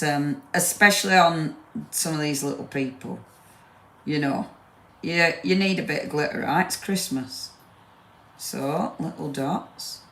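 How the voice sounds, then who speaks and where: Low, gravelly woman demonstrating crafts. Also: fairly bright tone, slight background noise. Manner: chatty and gushing, rambling asides. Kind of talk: live crafting demo. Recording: roomy echo.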